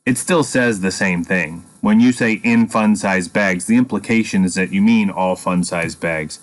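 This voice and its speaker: Low-voiced man teaching statistics. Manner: patient, measured explaining with dry humor. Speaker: math teacher. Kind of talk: screen-recorded statistics lesson.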